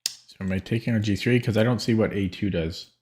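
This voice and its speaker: A man's voice: fairly low pitch, brisk, darkish tone, breathy edge. A man streaming chess, thinking aloud in a hesitant, muttering way as he works through puzzles and counts them off.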